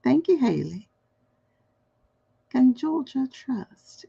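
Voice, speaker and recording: Over slightly dull, lo-fi stream audio, a tarot reader gives a live reading, playful and lively, laughing often and calling out viewers by name. Her mid-range voice is creaky and breathy, and she speaks a little slowly.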